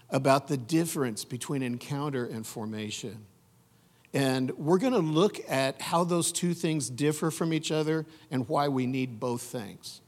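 Emphatic man preaching a sermon. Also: a little high. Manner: emphatic, repeats key phrases. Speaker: pastor.

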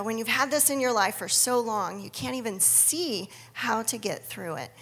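A woman's voice: a little high, a bit bright, in a large hall. A middle-aged woman giving an earnest personal faith testimony, telling her story and acting out her own inner dialogue. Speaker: speaker sharing a faith testimony.

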